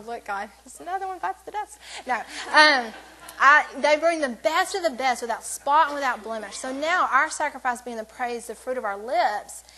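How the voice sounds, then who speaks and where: A woman speaks to a women's church group in a relaxed, conversational devotional. Her voice sits a little high, and she keeps breaking off mid-sentence to add joking asides before returning to her point. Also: poor audio. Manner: rambling, self-interrupting, joking asides. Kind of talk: casual church devotional talk.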